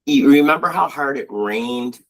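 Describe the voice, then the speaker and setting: A man co-hosting a casual chat tells rambling stories, animated and full of filler words, in a medium-pitched voice at a moderate pace. He's from Buffalo, New York, and the audio is poor.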